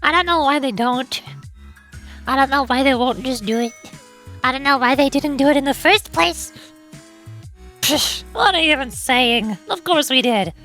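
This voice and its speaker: A woman's voice: sits high, normal speed, a bit bright, soft background music. A young woman streamer chatting casually and sarcastically while she plays a game. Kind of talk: casual gaming stream chat.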